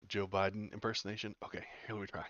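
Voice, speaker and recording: A man's voice: fairly low pitch, level tone, rapid-fire, fairly bright tone, no echo, muffled recording. A man giving casual, sarcastic political commentary as he reads news aloud, rambling with many fillers.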